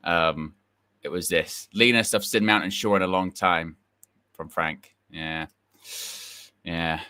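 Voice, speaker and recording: A man's voice: low voice, steady tone, takes it slowly, pushed and bright, clean tone, no echo, studio quality. A man co-hosting a casual fan podcast, rambling and wry, often repeating himself.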